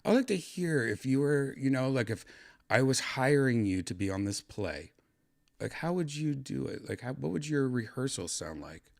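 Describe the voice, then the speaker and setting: A man hosting a podcast, joking around with an AI voice in rambling, halting casual talk full of fillers. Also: mid-range voice, big pitch swings, vocal fry. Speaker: podcast host.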